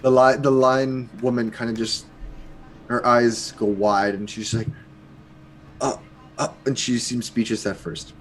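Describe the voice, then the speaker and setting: A man's voice: medium pitch, flat delivery, a little slow, soft background music. Laid-back male game master. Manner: casual, laughing, gestures as he describes. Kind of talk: narrating a tabletop game.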